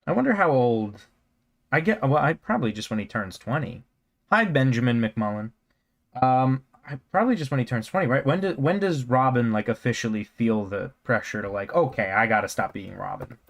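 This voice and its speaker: A man's voice: medium pitch, big pitch swings, moderate pace. A man chatting casually while drawing on a live stream, rambling with jokey self-mocking asides and a scratchy throat. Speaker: cartoonist streamer.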